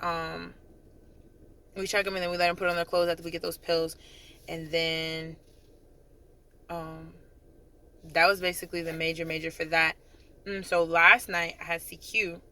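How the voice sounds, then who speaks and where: Bright-voiced young drill sergeant telling stories. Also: medium pitch, creaky. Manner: chatty, animated retelling with frequent "like". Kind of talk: casual storytelling vlog.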